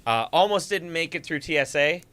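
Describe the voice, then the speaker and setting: A man from Wisconsin bantering with dry jokes as a livestream guest. His voice is bright and slightly high. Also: animated, brisk, clean tone. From Superior, Wisconsin. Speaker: guest musician. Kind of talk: casual livestream chat.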